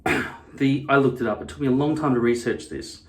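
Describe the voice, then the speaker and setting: Guy vlogging at home, blunt and sweary, rambles off topic, mid pitch, room echo. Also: fairly quick. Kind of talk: casual to-camera vlog. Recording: echoey room.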